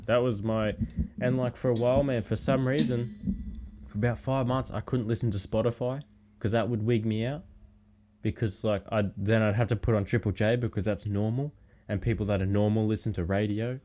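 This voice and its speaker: A man's voice: lowish voice, steady tone, normal speed, dark tone. A man talking as a podcast guest in a laid-back, rambling way, swearing a lot. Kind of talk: casual chat.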